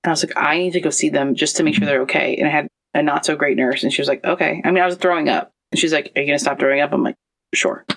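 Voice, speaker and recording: A woman guest in her thirties telling her story in a casual interview, animated and acting out what others said. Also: low-pitched, rapid-fire, creaky. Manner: animated, acts out quoted voices.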